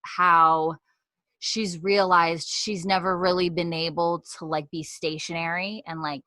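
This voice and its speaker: A woman's voice: on the low side, level tone, a little slow, bright, forceful tone, no echo. A young woman co-hosting a podcast, recapping a TV episode in a rambling, chatty way with frequent laughs. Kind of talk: casual chat.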